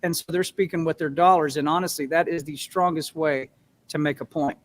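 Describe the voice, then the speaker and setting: A man's voice: on the high side, fairly even intonation, fairly quick. A man answering as a guest in an interview, earnest and folksy, acting out everyday voices as he tells his points. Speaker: guest, musician and business owner.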